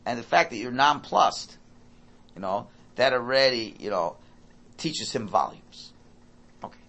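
A man giving an informal Torah talk, animated and acting out parent and child dialogue. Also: mid-range voice, a little slow.

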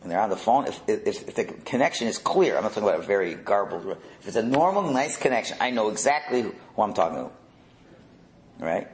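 A middle-aged man leading a religious text class, animated, firing rhetorical questions and repeating words. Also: on the low side, brisk, roomy sound, poor audio. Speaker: religious teacher.

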